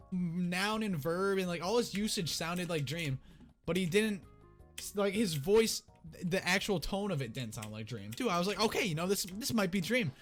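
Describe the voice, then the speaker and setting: Excitable high-voiced young man. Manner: excitable, rambling, restarts often. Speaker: YouTuber. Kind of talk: casual storytime.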